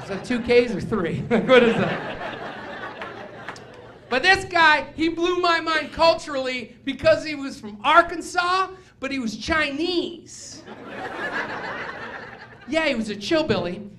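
A man's voice: extremely high pitch, animated, takes it slowly, long pauses, reverberant. A young man from New Mexico doing a stand-up set on a club stage, with punchy jokes and asides to the crowd. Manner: punchy joke delivery with fillers and crowd asides. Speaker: stand-up comedian. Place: comedy club stage with laughing audience. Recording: live club recording with crowd noise.

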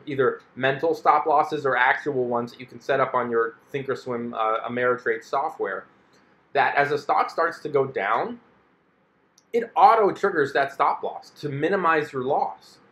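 A man's voice: medium pitch, moderate pace, fairly bright tone. Chatty man in an echoey room. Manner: chatty, acts out an investor's inner voice in quotes. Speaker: personal finance video host. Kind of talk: casual explanatory monologue.

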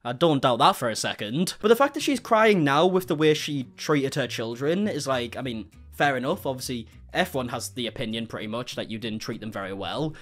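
A man's voice: medium pitch, animated, fairly quick, few pauses, a bit bright, faint music behind. A man doing reaction commentary, sarcastic and incredulous, swearing often. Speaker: commentary YouTuber.

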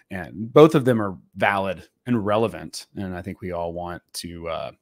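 A man co-hosting a podcast in casual, rambling conversation, full of fillers and throat clearing. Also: deep voice, no room sound, clean studio sound. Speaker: podcast co-host.

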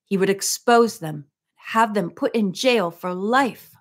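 A woman's voice: mid-range voice, slow pace. A woman reading aloud and voicing a frightened older man, a father and translator, who speaks in an anxious, pleading way. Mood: grave.

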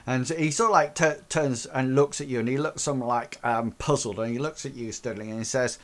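A man's voice: mid-range voice, a little fast, few pauses. A man narrating as game master of a tabletop game, rambling with many fillers.

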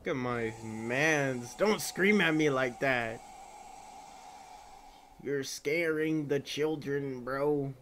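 A young man streaming a video game, shouting and yelping excitably at enemies with lots of swearing. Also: medium pitch, slow, slight background noise. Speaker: gaming streamer. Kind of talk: live game-stream commentary.

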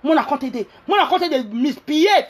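A woman's voice: sits high, expressive, a little fast, rough recording. A woman ranting angrily at her followers, scolding and mixing pidgin with local language. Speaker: social media commentator. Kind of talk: angry rant to followers.

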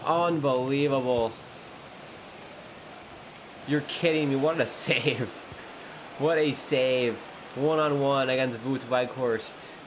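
Give me an excitable man doing gameplay commentary, unhurried between outbursts, with background noise. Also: medium pitch. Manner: excitable, cries out at big moments. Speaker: gaming channel host. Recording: noisy background hum.

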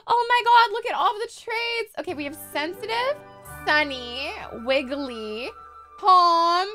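A woman giving excited commentary while playing a life-simulation game, gushing, gasping and squealing, with casual swearing. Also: extremely high pitch, slow pace, over music. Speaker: gaming streamer.

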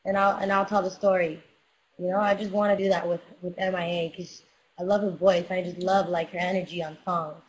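A woman's voice: fairly low pitch, little pitch movement, brisk, low-quality recording. A young woman rapper chatting casually with fans on a livestream, hyped and profane, giving motivational talk into a webcam mic.

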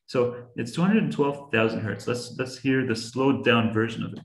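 Male science teacher for kids, low gravelly voice, patient and plain, echoey room. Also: normal speed, hardly any pauses, fairly bright tone. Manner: patient, simple examples, frequent restarts. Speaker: science educator. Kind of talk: explaining to young students.

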